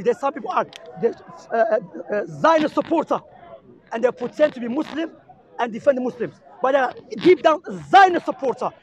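A man with an Arabic accent, preaching heatedly and insistently to a crowd outdoors in a public park, repeating his points. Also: very high-pitched. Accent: Arabic-accented English. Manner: impassioned, insistent, repeats himself. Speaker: street preacher debating a crowd. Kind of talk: heated street debate.

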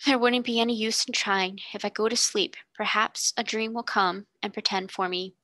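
Soft-spoken sad storybook girl, low and grave, bright tone, read by a woman. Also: steady tone, moderate pace, no room sound, lightly acted. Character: sad, quiet young girl.

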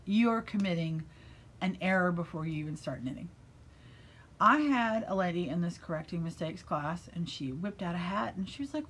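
A middle-aged American woman who owns a yarn shop, chatting casually and enthusiastically about knitting in her shop, gushing with breathy asides. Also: fairly low pitch, animated, moderate pace. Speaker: yarn shop owner and vlogger.

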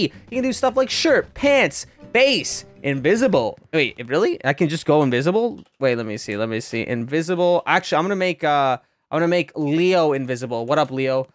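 Excitable woman narrating a video game. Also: deep voice, normal speed. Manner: excitable, bursts into shrieks and yells. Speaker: gaming YouTuber. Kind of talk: excitable gameplay commentary.

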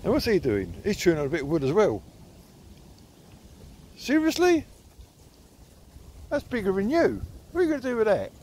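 A middle-aged man, walking outdoors with his phone in hand and chattering to his dogs. He teases them in a bouncy, sing-song voice that sits a touch high and swings widely. Light outdoor hiss runs underneath. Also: sing-song, normal speed, pauses often, a little mellow. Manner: chatty, teasing, sing-song talk to pets. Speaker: dog owner filming a walk. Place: outdoors by water in the countryside. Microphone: phone held while walking.

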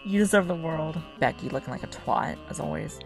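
Woman, lowish voice, casual game commentary, excitable, teasing, faint music behind. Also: fairly quick, creaky. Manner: chatty and excitable, cheering, teasing and laughing. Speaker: gaming channel host.

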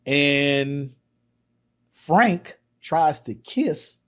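A man hosting a podcast, excitedly retelling a film's scenes in casual talk, acting out the lines. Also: on the high side, very slow. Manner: excited retelling with acted quotes, laughs often. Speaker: podcast host. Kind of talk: casual film discussion.

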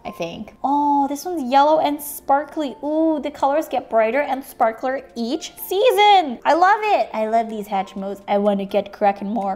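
Woman, toy unboxing host; high, very lively delivery, full of silly sound effects. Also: measured pace, few pauses, faint music behind. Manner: playful, punning, makes sound effects and animal noises. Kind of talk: playful toy unboxing narration.

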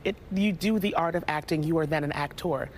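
Playful, expressive interview guest. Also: mid-range voice, brisk, a little hiss or hum. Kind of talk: interview answers.

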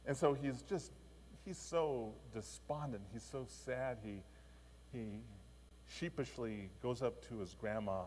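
A male pastor giving a sermon, telling a story in an expressive, animated way. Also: medium pitch, takes it slowly, a little hiss or hum. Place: church. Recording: long church reverb.

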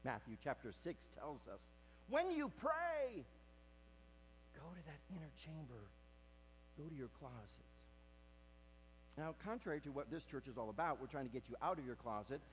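A man preaching a sermon as pastor, swinging from hushed near-whispers to loud, emphatic preaching. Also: medium pitch, a little fast, slight background noise, poor audio.

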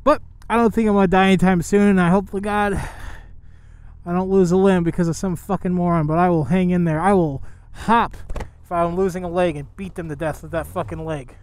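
A man vlogging from his motorcycle on a highway, talking to his viewers with excitable, profane commentary. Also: a little fast, smooth. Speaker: motovlogger. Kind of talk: casual ranting commentary while riding. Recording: loud wind and traffic noise from riding.

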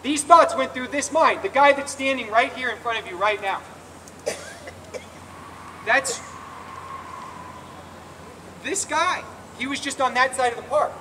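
A man with a high, bright, forceful voice gives a confessional testimony to an open-air crowd, circling back over his words. He is picked up from a distance, with faint outdoor ambience underneath. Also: unhurried, pauses often, slight background noise. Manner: earnest and confessional, with frequent restarts. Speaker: speaker at a recovery rally. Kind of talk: personal testimony speech. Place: outdoor rally in a public square.

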